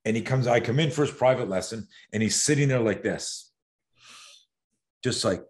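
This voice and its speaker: A man in his sixties telling stories as a podcast guest. He is animated and profane, and he acts out quotes. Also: mid-range voice, moderate pace, pauses often. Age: 60s. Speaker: self-defense expert guest. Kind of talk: podcast storytelling.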